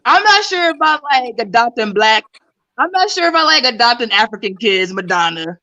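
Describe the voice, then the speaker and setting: A woman's voice: a little high, sing-song, moderate pace, bright, forceful tone, dull audio. A woman stand-up comedian, rambling and giggling through her set. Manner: rambling, giggly, jokes with voices.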